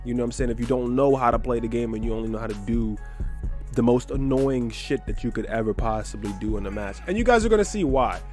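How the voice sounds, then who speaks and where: A man's voice: medium pitch, quick pace, a little mellow, faint music behind. A man giving gameplay commentary as a gaming video maker, trash-talking his opponent with plenty of swearing. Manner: brash trash-talking, profane. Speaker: gaming YouTuber.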